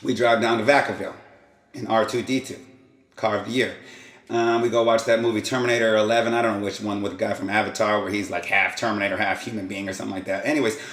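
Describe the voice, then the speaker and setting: A man's voice: fairly low pitch, level tone, fast, a bit bright, roomy sound. A man hosting his own vlog, casually telling a rambling story and acting out quotes and sound effects. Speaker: vlog host.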